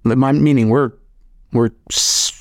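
A young man co-hosting a podcast, telling animated stories in casual, profane chat. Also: mid-range voice, measured pace, no echo, clean studio sound. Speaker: podcast co-host.

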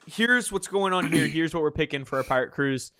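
Young male podcast co-host, upbeat explainer, slightly high voice. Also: lively intonation, brisk, sharp tone, a little hiss or hum. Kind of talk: casual chat.

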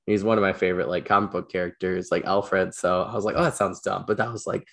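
A man hosting an interview, rambling excitedly with lots of fillers as he tells stories. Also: deep voice, fast talker, creaky. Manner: rambling, animated storytelling with many fillers. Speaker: podcast host, teacher and coach. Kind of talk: casual interview chat.

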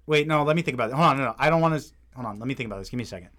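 A man co-hosting a podcast in casual chat, animated and laughing often, with a lot of "like" filler. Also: mid-range voice, rapid-fire. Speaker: podcast co-host.

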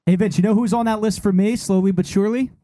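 A man's voice: high voice, steady tone, fast talker, mellow. A man co-hosting a casual sports podcast, arguing his point hard, interrupting and restarting his sentences. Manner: argumentative, interrupts, stammers on restarts. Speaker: podcast co-host.

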